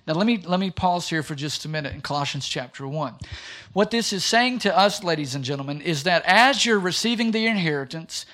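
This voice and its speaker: Brief: male pastor in a church, joking, animated preaching with a high voice. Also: brisk. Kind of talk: sermon.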